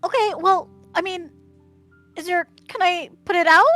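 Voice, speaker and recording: A woman playing a tabletop game, expressive and quick to laugh. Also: extremely high pitch, no room sound, faint music behind. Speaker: player. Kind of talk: casual tabletop play.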